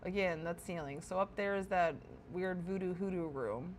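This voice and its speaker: A woman's voice: fairly low pitch, normal speed, a little hiss or hum. A woman streaming casual commentary while touring a player-built game house, chatty and full of wonder, correcting herself as she goes.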